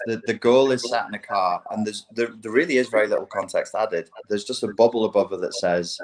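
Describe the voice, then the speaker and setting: A man's voice: on the low side, steady tone, brisk, hardly any pauses, a little hiss or hum, low-quality recording. A man in casual podcast chat, giving dry, wry commentary.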